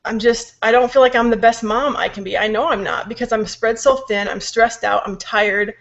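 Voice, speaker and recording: A young woman with a slightly high voice and a sore throat, venting in casual chat. She sounds worn out and frustrated and slips into swearing when riled. The recording is dull and lo-fi. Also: fairly even intonation, gravelly. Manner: frustrated, swears when angry, quick asides. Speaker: podcast co-host venting.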